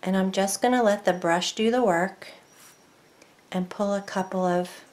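A woman's voice: mid-range voice, unhurried, slight background noise. Chatty woman teaching craft painting. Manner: chatty, rambling, muttering softly while concentrating. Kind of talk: casual painting tutorial. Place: home craft desk.

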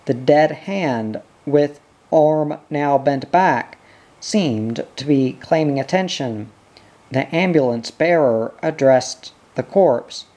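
An audiobook reader narrates a short story at a slow, deliberate pace. The voice sits at a middling pitch and reads in a measured way. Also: animated, warm tone. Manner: measured, unhurried reading.

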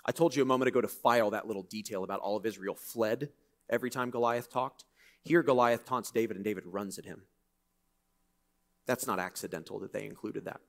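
Lively joking man preaching a sermon. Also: lowish voice, brisk. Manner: animated, conversational, joking asides. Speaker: pastor. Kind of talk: sermon with scripture reading. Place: church.

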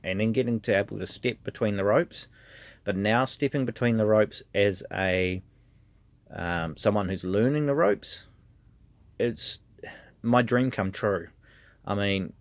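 A man with a New Zealand accent, a trainee pro wrestler, talking earnestly and from the heart in a casual vlog, with lots of "um" and "you know". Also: sits low. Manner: earnest and heartfelt, with frequent fillers.

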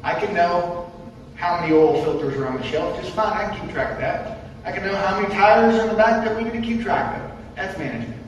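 A man's voice: high-pitched, lively intonation, fairly quick, lo-fi sound, slight background noise. A man preaching a sermon in a church, emphatic and repetitive, posing rhetorical questions to the congregation. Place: church sanctuary. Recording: distant mic in an echoey church hall.

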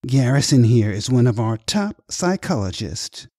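A man's voice: mid-range voice, big pitch swings, measured pace, warm tone, no echo, studio quality. A man voicing a smug, manipulative male boss in an audiobook, baiting in tone. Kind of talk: audiobook character voice.

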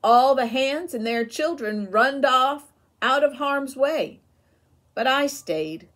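A woman's voice: high voice, lively intonation, slow pace, fairly bright tone, voice pushed up, exaggerated voice. A woman reading aloud and voicing a devout, tender older mother who talks in a folksy rural dialect. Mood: fervent.

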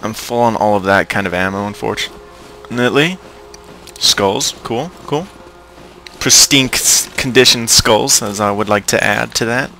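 A man's voice: on the low side, unhurried, pushed and bright. A young man casually commentating a video game, joking and talking to the enemies on screen. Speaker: gameplay commentator. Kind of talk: casual let's-play commentary. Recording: game music playing behind. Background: game music.

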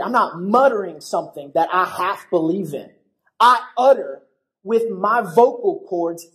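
A young man preaching a church sermon, telling a story in a lively, casual way and acting out the voices of people in it. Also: high voice, takes it slowly. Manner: animated storytelling with acted-out voices. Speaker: pastor.

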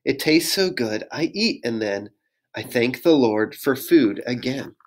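A pastor reads a children's picture book aloud, unhurried and gentle, his voice rising and falling in a lively sing-song. He pauses often to invite young listeners to join in. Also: medium pitch. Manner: gentle, sing-song reading with audience prompts.

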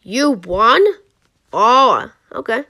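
A woman's voice: fairly high pitch, very slow. A woman giving casual gameplay commentary as a channel host, stammering often and yelping when things go wrong. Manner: excitable, stammering, yelps in frustration.

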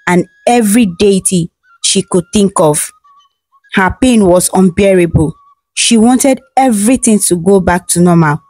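Slow, even female folktale narrator. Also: medium pitch, no echo. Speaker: storyteller.

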